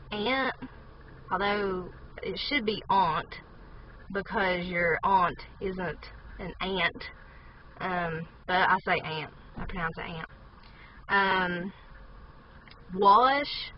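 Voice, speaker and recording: A woman's voice: mid-range voice, muffled recording, a little hiss or hum. A young woman from southern West Virginia with a strong local accent, chatting casually in a parked car and reading a word list, unsure and full of ums. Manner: unsure, hedging, with many ums. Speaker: vlogger.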